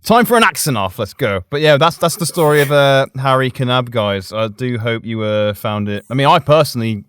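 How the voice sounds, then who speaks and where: A man's voice: medium pitch, expressive, brisk, a bit bright, a little hiss or hum. A man hosting a podcast in casual chat. He is playful and giggly and teases the others. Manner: playful and giggly, teasing, jumps between voices. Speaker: podcast host.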